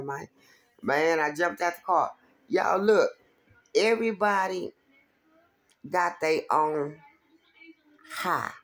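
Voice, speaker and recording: A woman telling a profane, animated story from her street days, acting out the quotes. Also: lowish voice. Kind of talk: casual storytelling.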